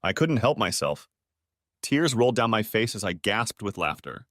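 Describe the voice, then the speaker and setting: A man's voice: fairly low pitch, sing-song, normal speed, fairly bright tone, no room sound, studio quality. Dramatic man narrating a story. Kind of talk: scripted first-person story narration.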